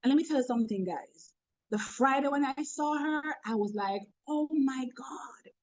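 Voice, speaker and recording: A woman's voice: high voice, brisk, low-quality recording. A woman with a Jamaican accent, a motivational speaker in a webinar talk, humorous and preachy, telling stories from work.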